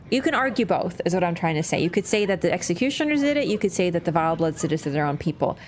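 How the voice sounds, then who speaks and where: A woman's voice: fairly low pitch, darkish tone, slight background noise. A woman chatting casually through a gaming livestream, swearing freely, laughing and answering her chat.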